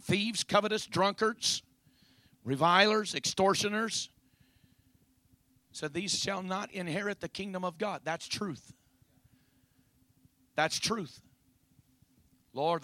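A man preaching a Pentecostal sermon, punctuating his lines with "uh, amen" and building to shouts. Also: high voice, no room sound. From raised in a Pentecostal home.

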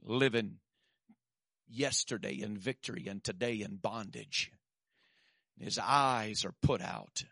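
A man preaching a sermon, swinging from shouted peaks to quiet asides and dropping in "amen.". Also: fairly low pitch, takes it slowly, vocal fry, pauses often, no echo, clean studio sound.

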